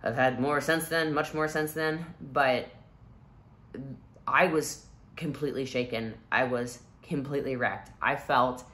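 Low-voiced woman telling a story, bright and forceful. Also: a little slow. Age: 30s. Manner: animated and expressive, swinging from hushed to loud, breaks into laughter. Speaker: vlogger. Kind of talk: emotional personal storytelling to camera.

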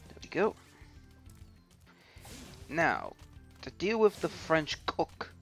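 A man's voice: a little high, wildly swooping pitch, slow, gravelly, pauses often. A man casually commenting while playing a video game, chatting to the characters and grumbling now and then. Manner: chatty, talks to game characters, mild swearing. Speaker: let's play host. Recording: voice with game music underneath.

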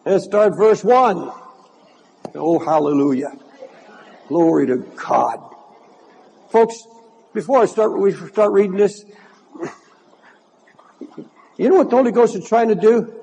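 Older pastor preaching with a husky voice. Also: male voice, high voice, lively intonation, measured pace, long pauses, warm tone, low-quality recording. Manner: impassioned preaching, repeats words. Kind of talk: sermon.

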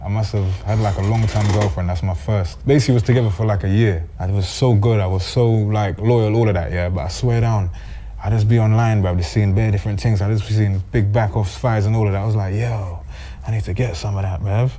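A man's voice: fairly low pitch, steady tone, fast talker, mellow. A young man, raised in the Caribbean, telling brash, slangy stories as a guest in a casual chat.

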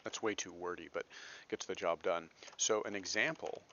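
A very low-voiced man from Texas walks through a literature lecture in a chatty, self-deprecating way. His tone is bright and forceful despite the depth. The recording is dull and lo-fi. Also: steady tone, moderate pace, slight background noise. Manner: conversational, self-deprecating asides, frequent "right?".

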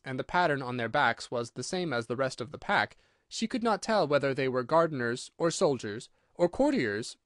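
A man reading a children's audiobook with an expressive, animated delivery. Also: mid-range voice, no room sound, studio quality. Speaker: audiobook narrator. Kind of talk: audiobook narration.

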